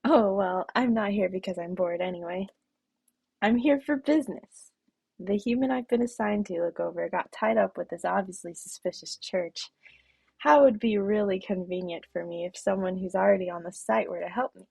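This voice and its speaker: A woman's voice: mid-range voice, moderate pace, creaky, a little mellow, slightly rough, no echo. Forcus, a woman reading a cocky angel. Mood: wheedling. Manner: boastful, teasing, breezy. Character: cocky male guardian angel, old-man energy. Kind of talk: reading game dialogue aloud.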